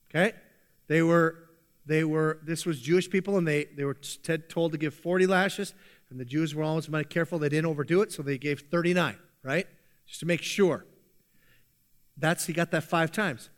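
High-voiced preacher giving a sermon. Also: male voice, normal speed. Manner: conversational, emphatic, playful sarcasm. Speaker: pastor.

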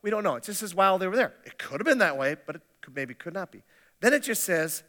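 A man's voice: sits high, very animated, fast talker, fairly bright tone. A male pastor giving a sermon in a conversational, humorous way, often restarting his sentences. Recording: long hall reverb.

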